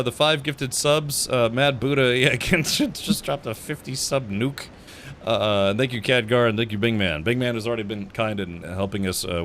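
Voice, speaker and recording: A man's voice: medium pitch, a bit bright, slight background noise. A man streaming a video game live, chatting casually, laughing often and thanking viewers.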